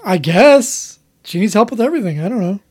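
A man's voice: high voice, lively intonation, a little fast, slightly rough. A man hosting a podcast in casual chat, rambling and opinionated, often cutting himself off mid-thought. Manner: rambling, opinionated, self-interrupting. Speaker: podcast host.

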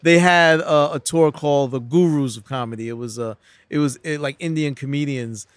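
A man's voice: on the high side, moderate pace, no room sound. A middle-aged man from New City, telling stories as a comedian guest in a casual interview, acting out quotes with frequent restarts. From New York City.

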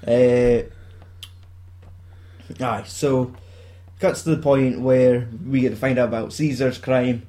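A man's voice: medium pitch, flat delivery, slow, long pauses, mellow. Laughing, sweary Scottish man. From Scotland. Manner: sweary, laughing, acts out bits of dialogue in put-on voices. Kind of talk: casual chat recapping a film.

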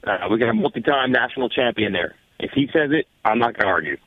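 A man's voice: mid-range voice, fast talker, breathy edge, no room sound. A man co-hosting a casual chat who teases and needles the others, heard over a dull lo-fi remote line. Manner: teasing, animated, needling.

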